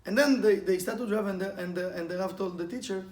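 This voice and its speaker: In an echoey room with faint background noise, a man teaching Kabbalah tells stories in an informal spiritual lesson. He's a fast talker with a high voice, animated and laughing often, performing quotes and sound effects as he goes.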